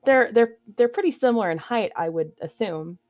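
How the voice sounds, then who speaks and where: A woman host playing a tabletop game, chatty and quick to laugh. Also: a little high, expressive, dry recording, lo-fi sound. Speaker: player and channel host. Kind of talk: casual tabletop game play.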